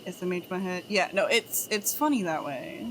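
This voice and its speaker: A woman's voice: lowish voice, animated, moderate pace, a bit bright, a little hiss or hum. A woman streamer chatting casually with her chat, telling groan-worthy jokes and giggling at them.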